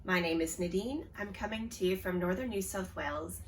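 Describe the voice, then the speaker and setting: A woman's voice: on the low side, brisk, distant mic, a little hiss or hum. A woman in her forties with a Canadian accent, hosting a knitting podcast in a casual show-and-tell chat, with lots of ums. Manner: chatty, with frequent ums and restarts.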